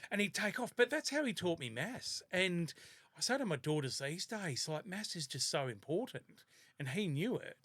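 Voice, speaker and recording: An Australian man in his fifties, a podcast guest telling lively stories in casual chat and laughing often. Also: high voice, moderate pace, no room sound. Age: 50s.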